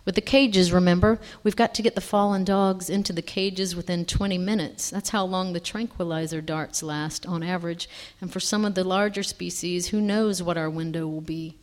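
A woman's voice: on the low side, fairly even intonation, moderate pace, natural voice. A woman voicing an impatient husband who talks in an insistent, urgent way.

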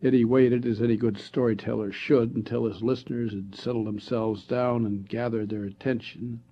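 Husky man reading a spooky story. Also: medium pitch, fairly even intonation, moderate pace, dull audio. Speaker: narrator. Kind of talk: scripted storybook narration.

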